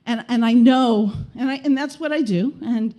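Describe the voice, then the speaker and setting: A woman from the American Midwest, telling a self-mocking true story in a wry, animated way on the stage of a small music venue. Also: a little high, moderate pace. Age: 30s. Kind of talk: live comic storytelling.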